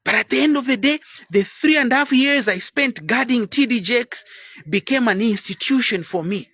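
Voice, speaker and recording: A man in his fifties giving a blunt, preachy motivational talk live online, dropping now and then into quiet asides. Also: extremely high pitch, moderate pace, dry recording. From Zambia. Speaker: motivational speaker.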